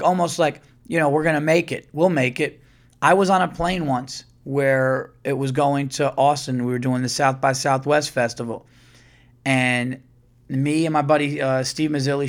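A man hosting a podcast, telling a story in casual monologue, acting out other people's lines and swearing freely. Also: a little high. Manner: swears freely, repeats words when excited. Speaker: podcast host.

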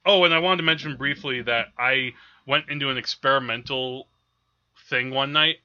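A man's voice: medium pitch, normal speed, bright, forceful tone, dull audio. A man co-hosting a podcast, chatting casually about films with frequent laughs and hesitant fillers. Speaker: podcast co-host.

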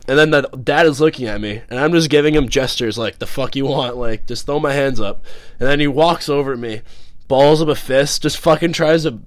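Young man, podcast host, swearing boisterous storyteller, mid pitch, dry sound. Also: brisk, no echo. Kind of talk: casual chat.

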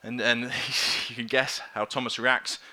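A man preaching a conversational sermon, lively and informal, acting out little quoted voices as he goes. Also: mid-range voice, a little slow.

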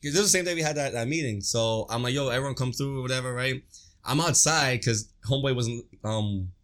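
Casual podcast chat from a young man who talks fast and tells his stories with lively slang and the odd curse. His voice sits at an ordinary middle pitch for a man. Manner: animated storytelling with slang and cursing. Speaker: podcast co-host.

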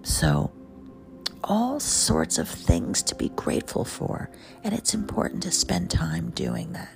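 Gravelly, animated voice over music. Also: mid-range voice, slow pace. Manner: excitable, jazzed up, drops into hushed asides. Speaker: podcast host and memoir author. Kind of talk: personal gratitude monologue. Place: home, early morning, quiet for neighbors.

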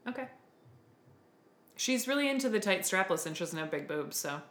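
A woman's voice: medium pitch, very animated, normal speed, a bit bright. A woman co-hosting a podcast, recapping a TV episode in a dry, wry, chatty way. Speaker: podcast co-host. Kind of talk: casual recap chat. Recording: roomy echo.

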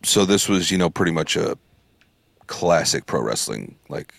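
A man chatting casually on a podcast, teasing his co-host in a playful, lively way. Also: extremely low pitch, normal speed, gravelly. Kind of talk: casual chat.

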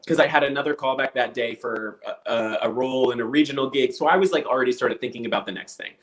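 A man's voice: mid-range voice, fast talker, rough recording. A man telling a story casually, acting out the voices of the people in it. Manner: animated storyteller acting out quotes.

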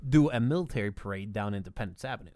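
A young man co-hosting a podcast, telling a story with lively, animated delivery and reading text messages aloud. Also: on the low side, very fast, no room sound, clean studio sound. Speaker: podcast co-host. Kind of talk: casual podcast banter.

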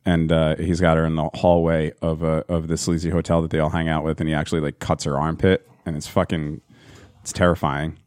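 A man's voice: extremely low pitch, little pitch movement, a little fast, a little mellow, no echo, clean studio sound. A man co-hosting a podcast, talking in a laid-back, profane way in casual banter. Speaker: podcast co-host.

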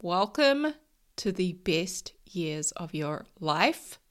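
A woman's voice: fairly low pitch, very animated, extremely slow. A woman, hosting a podcast as a life coach, sounding nasal from a cold and talking in an upbeat, blunt way. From New Zealand. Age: 30s. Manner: upbeat, blunt, swears casually. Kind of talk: casual chat.

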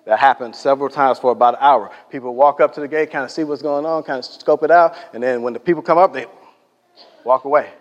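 A man's voice: medium pitch, fast, in a large hall, muffled recording. A man preaching a sermon, telling stories with emphasis and dropping to near-whispers for effect.

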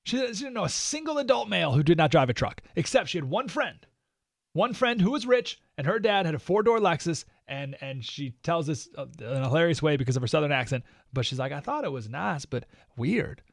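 Mocking radio host guy, kinda high voice, dead dry studio sound. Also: animated, a little fast, no echo. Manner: sarcastic, mocking, emphatic. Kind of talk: opinionated talk radio monologue.

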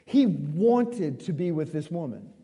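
A man preaching a sermon in a conversational, emphatic way, dropping suddenly quiet at moments. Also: fairly high pitch, very animated, unhurried, breathy edge, big-room sound. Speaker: pastor.

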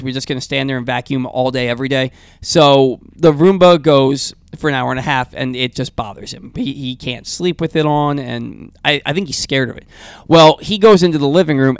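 A male talk radio host telling a long, animated story in a rambling, casual way with frequent restarts. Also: mid-range voice, dry recording.

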